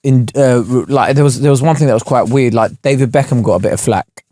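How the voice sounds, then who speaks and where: A young man co-hosts a podcast, chatting casually and joking around. His voice sits at a middle pitch and sounds dry and close to the mic in a small studio. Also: a little fast, no room sound. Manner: jokey, animated, breaks into laughter. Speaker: podcast co-host. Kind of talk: casual chat.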